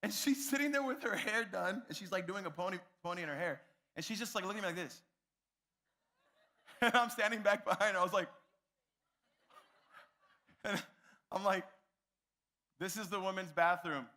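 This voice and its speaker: Young guy youth pastor telling a goofy story, kinda high bright voice, talks right to the kids. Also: normal speed, pauses often. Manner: animated, self-mocking, addresses the crowd directly.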